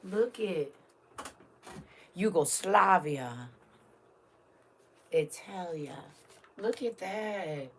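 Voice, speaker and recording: A woman's voice: on the low side, lively intonation, very slow, long pauses, a little hiss or hum. A woman, chatting casually on a live stream and holding back tears, talking straight to her viewers. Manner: emotional, talks straight to viewers. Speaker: live streamer opening gifts.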